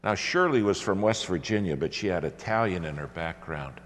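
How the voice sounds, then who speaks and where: A man's voice: low-pitched, expressive, normal speed. A man preaching a sermon as pastor, telling stories and calling on the congregation with emphasis. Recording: long reverb in a large hall with faint hum.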